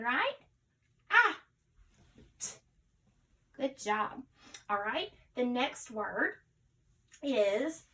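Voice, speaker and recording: Slow, bright-voiced woman teaching phonics. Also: on the high side. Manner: slow, encouraging, sing-song teacher talk; sounds out letters and words. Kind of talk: phonics lesson for young children.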